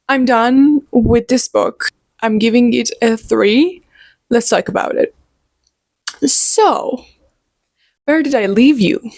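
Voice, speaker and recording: A young woman in her twenties chatting casually to her viewers about a book, animated and opinionated. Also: fairly high pitch, moderate pace, dry recording. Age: 20s. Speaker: book vlogger. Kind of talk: casual chat.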